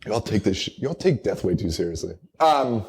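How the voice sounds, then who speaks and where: A man's voice: on the low side, big pitch swings, moderate pace, a little mellow, slight background noise. A man co-hosting a live horror movie podcast, recapping a film in a wry, rambling way and laughing through his jokes. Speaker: podcast co-host. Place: live show venue.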